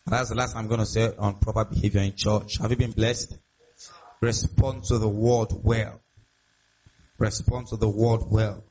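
A man's voice: lowish voice, darkish tone, husky. A man preaching a sermon as pastor, emphatic and repetitive, often asking the congregation rhetorical questions. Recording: dull lo-fi sound.

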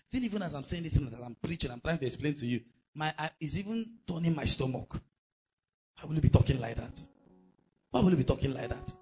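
A man's voice: fairly high pitch, lively intonation, fast talker, darkish tone, dull audio, faint music behind. A male pastor, preaching a sermon emphatically and asking the congregation rhetorical questions.

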